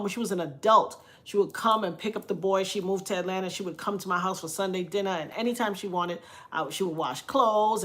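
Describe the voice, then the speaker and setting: A woman telling a personal story in casual talk, frank and colloquial, acting out the other people's voices as she goes. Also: medium pitch. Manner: animated, acts out quoted voices. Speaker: vlogger.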